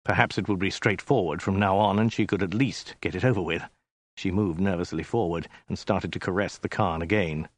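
A man reading a story aloud in a dry, deadpan narrating manner. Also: low voice, no echo. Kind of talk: scripted narration.

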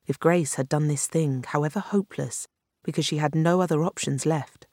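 A narrator reading a thriller audiobook in a measured, even manner. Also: mid-range voice, dry recording, clean studio sound. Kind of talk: scripted narration.

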